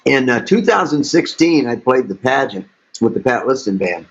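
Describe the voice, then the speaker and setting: An older man, a musician guest, telling animated stories in an interview with frequent laughter. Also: medium pitch, normal speed, vocal fry. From St. Louis, USA. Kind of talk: storytelling interview. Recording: dull lo-fi audio.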